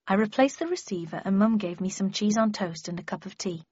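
A woman narrating a story in the first person in an even, wry manner. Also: mid-range voice, a little fast, hardly any pauses, breathy edge, dry recording, lo-fi sound. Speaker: audiobook narrator.

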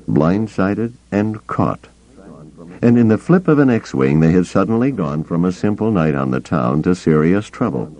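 A man narrating a story in an expressive storytelling manner. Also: low-pitched, highs cut off. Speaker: audiobook narrator. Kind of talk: scripted narration.

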